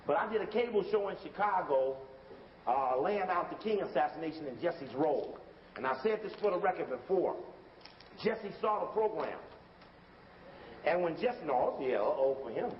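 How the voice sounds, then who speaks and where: A man's voice: a little high, animated, normal speed. A man lecturing with commentary over video footage, emphatic and conversational, often repeating himself. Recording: dull recording from a hall with faint hiss.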